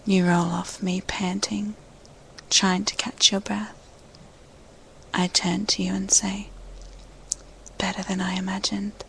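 A woman in a whispered role-play, telling an intimate first-person story in an unvoiced whisper, hushed and slow. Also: medium pitch, level tone, vocal fry, slight background noise, rough recording.

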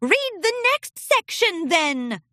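A woman's voice: very high-pitched, big pitch swings, normal speed, sharp tone, no room sound, clean studio sound, pitched above the performer's own voice, full character voice. A woman voicing a strict, stern female unicorn headmistress in a storybook reading, speaking in a clipped, tight-jawed manner.

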